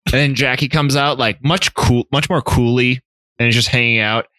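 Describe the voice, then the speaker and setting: A man's voice: medium pitch, fairly even intonation, moderate pace, pushed and bright, dry recording, clean studio sound. A man co-hosting a podcast, recapping a book in casual chat with lots of "like" and swearing. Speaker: podcast co-host.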